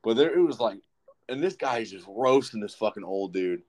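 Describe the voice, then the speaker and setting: Young male co-host, lower voice, swears freely, rambles through stories. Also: a little fast. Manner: profane, rambling, animated. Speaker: podcast co-host. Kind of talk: casual storytelling.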